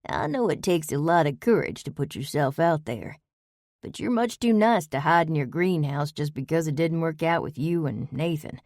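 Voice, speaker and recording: A woman's voice: low voice, animated, normal speed, a little mellow, no room sound, studio quality. A woman voicing a friendly, teasing male banker in an audiobook. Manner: chummy, teasing. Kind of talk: audiobook character voice.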